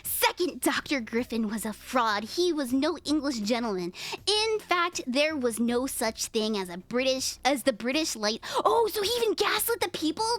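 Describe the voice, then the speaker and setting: Animated, profane young woman streamer. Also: high voice, normal speed. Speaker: livestream host. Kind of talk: reading and chatting with live chat.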